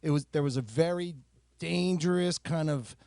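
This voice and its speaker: A man co-hosting a casual podcast, chatty and jokey, sharing trivia in a relaxed way. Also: on the high side, moderate pace, no echo, clean studio sound. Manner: chatty, jokey, shares trivia, frequent fillers. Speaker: podcast co-host. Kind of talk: casual chat.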